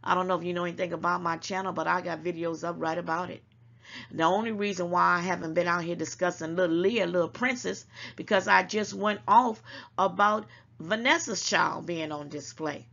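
A woman with a gravelly, fry-heavy voice gives casual, emphatic commentary straight to her viewers. She lectures a little as she talks and keeps calling them baby. The sound is dull and lo-fi. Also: on the low side, fairly even intonation, fairly quick, fairly bright tone. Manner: emphatic and preachy, calls listeners baby. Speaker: channel host.

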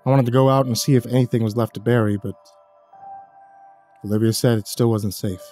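A man narrating a horror story in a steady, low-key storytelling manner. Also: a little fast. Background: faint music.

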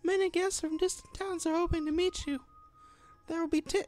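A man voicing a princess in a strained high falsetto while reading game text. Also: steady tone, moderate pace, darkish tone, soft background music. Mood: sweet. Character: Princess Peach in a falsetto girl voice.

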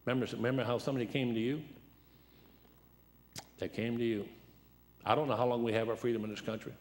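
A man's voice: medium pitch, fairly even intonation, quick pace, a little mellow. A seventy-year-old man preaching a folksy sermon in a church, joking and telling anecdotes in a worn, dried-up voice. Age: 70s. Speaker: guest preacher.

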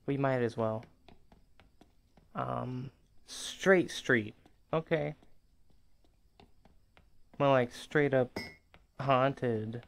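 Slow, rambling man narrating his gameplay. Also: mid-range voice, creaky. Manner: chatty, rambling, laughs often. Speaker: gaming channel host. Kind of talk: casual game commentary.

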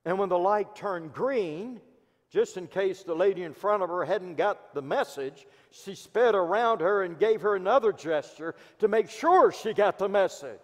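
Animated Midwestern pastor preaching in a reverberant hall. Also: male voice, high voice, moderate pace. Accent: American Midwest. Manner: storytelling preacher, swinging between loud emphasis and hushed asides. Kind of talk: sermon. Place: church sanctuary.

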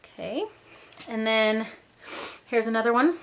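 A woman's voice: a little high, measured pace, fairly bright tone. A young woman chatting casually in a vlog, gushing and filling her talk with "like" and "um", a little out of breath. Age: young adult. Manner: chatty, gushing, lots of filler "like" and "um". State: slightly out of breath. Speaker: vlogger.

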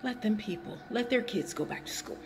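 Lady ranting from her hot garage, chewing gum, kinda high voice, repeats herself a lot, echoey. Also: expressive, fairly quick, a little hiss or hum. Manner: rambling, indignant, repeats herself; chewing gum while talking. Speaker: vlogger. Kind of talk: casual opinion vlog.

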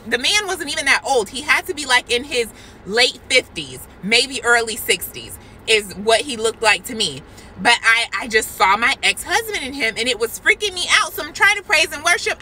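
A woman vlogger casually telling her faith testimony, animated and speaking straight to her viewers. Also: a little high, a little hiss or hum, poor audio. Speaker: Christian vlogger sharing a prophetic word.

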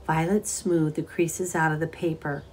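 A woman reads a children's novel aloud with a notably low voice. Her delivery is steady and even, moving through the narration at an unhurried storytelling pace. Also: breathy edge. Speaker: audiobook reader.

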